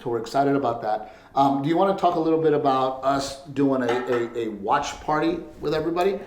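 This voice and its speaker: A man's voice: mid-range voice, brisk, darkish tone, echoey room. A man co-hosting a podcast in a casual chat, telling stories with lots of laughter and swearing. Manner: laughing, swearing storyteller, quotes his wife. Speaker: podcast co-host. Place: home studio.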